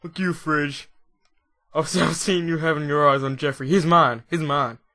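A man voicing a jealous, possessive male pet dog that rants loudly and indignantly. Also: on the high side, fairly even intonation, normal speed. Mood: jealous, angry. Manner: loud, indignant ranting.

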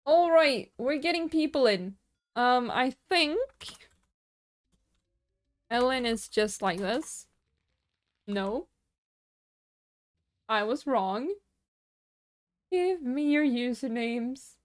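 A woman streaming a game, rambling through casual chat with her viewers and laughing often. Her voice sits high, and she takes her time over her words. The sound is dry and close, from a desk microphone. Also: expressive, drawn-out words, pauses often, no echo. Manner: chatty and giggly, laughs often; rambling, reads out and answers chat.

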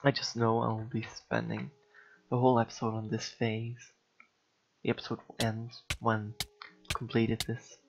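A man's voice: fairly low pitch, completely flat delivery, moderate pace, highs cut off, slight background noise. A man giving casual gameplay commentary, frustrated and sighing, mocking himself as he mutters along. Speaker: gamer.

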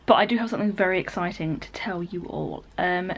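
In her living room, a woman in her twenties with a British accent records a loose, giggly vlog, wandering from topic to topic. Her voice is lowish and her delivery brisk.

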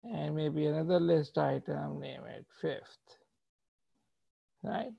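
Typing code as he talks, this lecturer explains patiently, checks in with his students, and ends lots of phrases with "right?". His voice is a little high, creaky, and unhurried, heard through muffled lo-fi audio.

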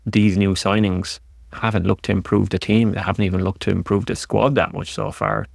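A man's voice: fairly low pitch, gravelly, no echo. A man hosting a podcast, talking casually through football analysis in long rambling runs full of restarts and repeated words, close to the mic. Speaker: podcast host.

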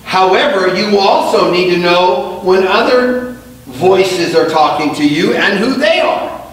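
A high-voiced male pastor delivers a sermon in a church sanctuary, captured by a distant mic with plenty of echo. He preaches emphatically, trading call-and-response with the congregation and shifting from quiet storytelling to loud, stretched-out emphasis.

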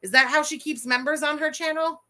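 A woman reacts live on stream in a high, bright voice with a tense edge, talking fairly quickly. Excitable and profane, she swears freely, erupts into laughter and indignant rants, and thanks viewers between outbursts.

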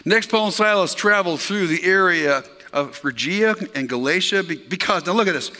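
A man's voice: high voice, animated, normal speed, pushed and bright, in a large hall. A male pastor preaching a sermon in an emphatic, conversational way, talking directly to his congregation. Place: church sanctuary.

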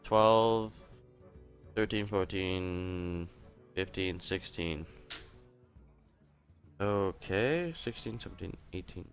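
Young male streamer, lowish gravelly voice, frustrated running commentary over game music. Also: drawn-out words, pauses often, muffled recording. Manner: frustrated, swearing, talks to himself. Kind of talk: live gameplay commentary.

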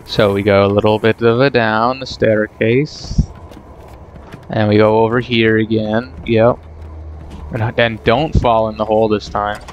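A man's voice: lowish voice, level tone, a little slow, muffled recording, slight background noise. A man casually commenting on his own gameplay, rambling and self-deprecating as he talks to himself. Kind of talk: casual let's play commentary.

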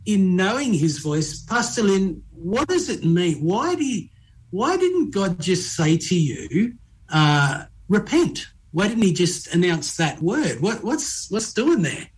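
A man's voice: high-pitched, sing-song, slow, poor audio. A man, a pastor hosting a conversational faith interview, earnest and probing with frequent restarts. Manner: earnest, restarts often, asks probing questions. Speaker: pastor and podcast host.

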